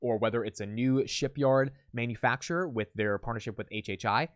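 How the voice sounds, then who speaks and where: Male host, solo investing commentary, energetic explainer, average pitch, dry recording. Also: brisk, dry recording. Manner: energetic, explanatory, talks to the viewer directly. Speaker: host of a daily stock analysis show.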